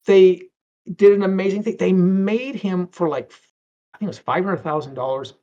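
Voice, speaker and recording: A man's voice: high-pitched, normal speed, dark tone. Man, middle-aged, interview guest, rambling storyteller, stammers, acts out quotes, dull lo-fi audio. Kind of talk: casual interview talk.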